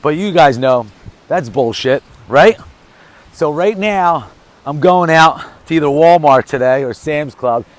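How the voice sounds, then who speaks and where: A middle-aged man giving an energetic, emphatic motivational monologue, telling a short story in a casual vlog. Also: fairly high pitch, a little slow. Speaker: motivational vlogger.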